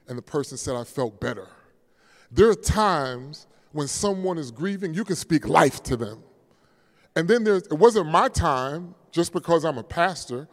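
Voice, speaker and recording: Preaching man in a reverberant church. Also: a little high. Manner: preaching with rising force, then dropping to a hushed storytelling tone. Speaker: pastor. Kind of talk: sermon.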